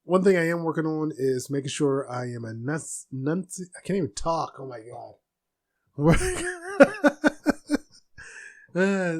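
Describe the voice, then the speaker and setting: A soft-spoken man hosting a casual solo podcast from a room at home, rambling with restarts. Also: fairly high pitch. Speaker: podcast host.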